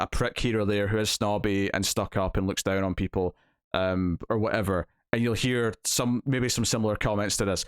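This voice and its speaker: A man's voice: on the low side, no room sound, clean studio sound. A Scottish man co-hosting a casual TV review chat, talking animatedly. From Scotland. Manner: animated, acts out quotes in put-on voices. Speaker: TV review co-host.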